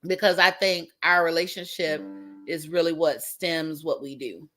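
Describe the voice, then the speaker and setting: A woman co-hosting a comedy podcast, tossing in quick, playful remarks. Her voice has a bright, sharp edge. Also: sits low, fairly even intonation, soft background music. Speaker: podcast co-host. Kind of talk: casual comedy podcast chat.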